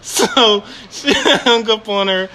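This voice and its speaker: A man's voice: high-pitched, slow, pushed and bright, slight background noise. A man casually telling a story about his job managing a store, laughing often and swearing freely. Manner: laughing often, swearing, quoting in put-on voices.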